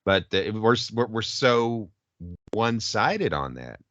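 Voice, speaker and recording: An American man with a low voice that moves a lot, co-hosting a casual podcast. He stops and starts as he searches for words. The recording is dry and slightly dull. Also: very animated, measured pace, a bit bright, no echo. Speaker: podcast co-host. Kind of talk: casual chat.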